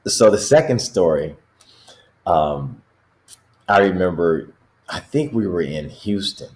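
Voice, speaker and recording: A man's voice: low-pitched, animated, slow pace, a little mellow. A middle-aged basketball coach, a man, telling stories in a casual chat and laughing often as he talks. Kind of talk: casual storytelling.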